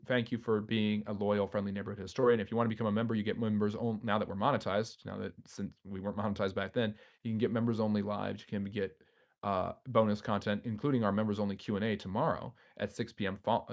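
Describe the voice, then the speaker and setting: A man hosting a history channel's live stream, reading viewer comments aloud and answering them off the cuff. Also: mid-range voice.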